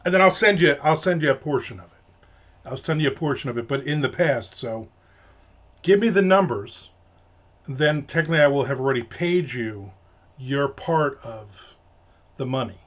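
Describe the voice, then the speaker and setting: A man's voice: medium pitch, expressive, moderate pace, long pauses, fairly bright tone. A man from the United States chatting casually on a livestream, rambling and joking as he reads viewer comments, trailing off and restarting often. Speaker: livestream host. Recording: slightly dull lo-fi home mic.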